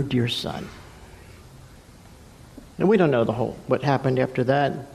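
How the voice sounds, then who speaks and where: Pastor preaching in a reverberant church. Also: male voice, creaky, a little mellow. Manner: storytelling, acts out voices with swings in pitch and pace. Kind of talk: sermon. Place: church sanctuary. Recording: long church hall reverb.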